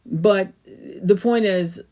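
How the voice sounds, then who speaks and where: A middle-aged woman coaching her viewers in a casual spiritual talk. She speaks bluntly, with a mid-pitched voice, drops the odd swear word and keeps asking "okay?" to make sure she is understood. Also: extremely slow, mellow. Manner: blunt, swears freely, repeats "okay?" to check in. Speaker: tarot reader and spiritual coach.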